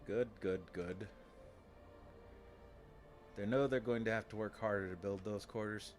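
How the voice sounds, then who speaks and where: A man casually commenting while he plays a game on stream, sometimes dropping into a low, menacing voice. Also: fairly even intonation, unhurried, a little mellow, faint music behind. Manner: low, muttered mock-villain asides.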